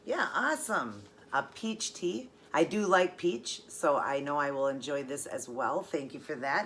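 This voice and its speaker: A woman's voice: deep voice, a bit bright, slight background noise. A middle-aged woman vlogger chatting casually and earnestly as she unboxes gifts, gushing and emotional.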